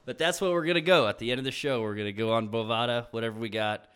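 A man's voice: mid-range voice, rapid-fire, a bit bright, clear, resonant tone. A young adult man hosting a podcast in casual chat, joking and crude, laughing often. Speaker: podcast host.

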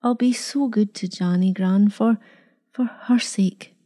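A woman voicing a tender, unsure young wife in a storybook reading, husky and half-whispered. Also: medium pitch, slow, dark tone. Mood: tearful.

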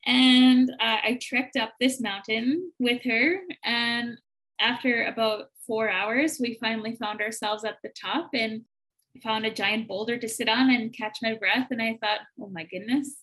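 Animated woman telling a story. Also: a little high, a little slow, rough recording. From Manitoba, Canada. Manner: animated, laughing often, acts out quoted voices. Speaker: guest, entrepreneur. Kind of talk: storytelling in a podcast interview.

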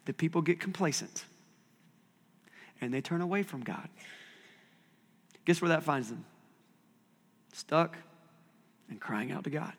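A man's voice: fairly high pitch, animated, a little slow, long pauses, long reverb tail. A man preaching a sermon as pastor, talking conversationally with self-deprecating asides.

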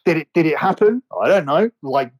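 A man's voice: a little high, expressive, a little fast, slightly rough, poor audio. Rambling, stammering male podcast host. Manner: rambling, stammering start-stop delivery. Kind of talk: casual chat.

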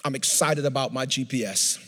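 A man's voice: medium pitch, fairly quick, fairly bright tone. A male pastor delivering a sermon in a church, emphatic and sing-song, drawing out his phrases. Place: church sanctuary. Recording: long reverb of a large hall.

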